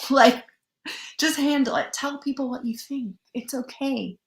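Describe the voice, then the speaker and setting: A woman chats on a podcast, spinning animated stories and slipping into voices of the people she describes. Her voice sits a little high, and the room adds a noticeable echo around her. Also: measured pace. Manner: animated storytelling, mimics voices. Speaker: podcast guest, magician. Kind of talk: casual podcast chat.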